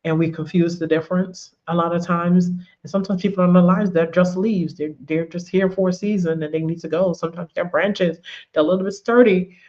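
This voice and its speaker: A woman's voice: on the low side, steady tone, a little fast, darkish tone, muffled recording. A woman giving a conversational faith teaching, telling personal stories, repeating words and often saying "you know". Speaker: women's ministry teacher.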